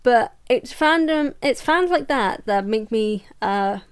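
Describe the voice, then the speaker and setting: Chatty young woman podcaster, bright pitch. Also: lively intonation, slow, clean tone. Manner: chatty, laughs often, jokey asides. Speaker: podcast host. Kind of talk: casual book review podcast.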